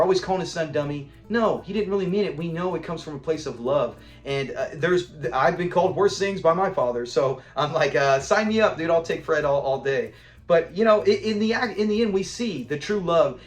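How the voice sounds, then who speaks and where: A middle-aged man reviewing a classic sitcom episode in a loose, animated way. His voice sits high for a man, and he laughs easily while acting out lines. Faint music runs underneath. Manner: animated, laughs often, acts out quotes. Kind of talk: casual commentary.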